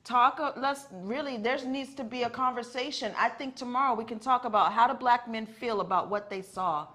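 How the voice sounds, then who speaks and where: A woman's voice: on the high side, brisk, bright, forceful tone. A woman co-hosting a morning show in casual banter, emphatic and repeating her points.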